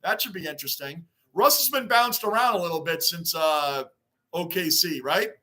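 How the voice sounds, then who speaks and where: A man's voice: fairly high pitch, animated, normal speed, bright, forceful tone. A man hosting a casual sports livestream, chatting loosely, greeting viewers by name and repeating his points. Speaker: livestream host reading fan chat.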